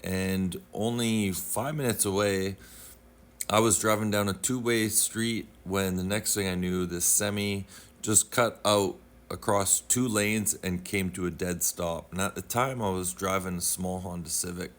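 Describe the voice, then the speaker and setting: A middle-aged man with a low, deep voice tells a spooky personal story at an easy, rambling pace. He keeps slipping into fillers and acts out what people said to him. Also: steady tone, unhurried, fairly bright tone. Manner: rambling, conversational, with many fillers and reenacted quotes. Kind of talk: casual paranormal storytime.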